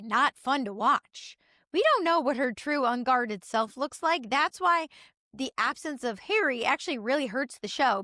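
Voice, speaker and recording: A woman's voice: sits high, a bit bright, no room sound, clean studio sound. A young woman in a casual opinion vlog, chatty and candid, with her talk peppered with "like". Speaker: YouTube commentator.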